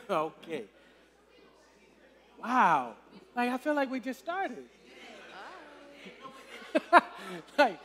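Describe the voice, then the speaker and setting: High-voiced man preaching in an echoing hall. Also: fairly bright tone. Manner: conversational, checks in with the crowd often. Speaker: youth minister. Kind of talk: casual youth sermon. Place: church service hall. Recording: long reverb in a hall.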